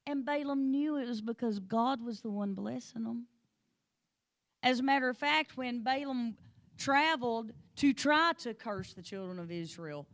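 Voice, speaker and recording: A woman teaching a Bible lesson, telling the story with lively energy and calling on class members by name. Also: a little high. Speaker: Sunday school teacher.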